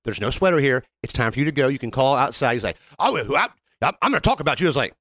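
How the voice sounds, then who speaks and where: Fast-talking man with a dry close sound. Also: mid-range voice, dry recording. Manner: animated, acts out customer quotes, swears freely. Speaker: podcast co-host. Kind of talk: casual chat, storytelling.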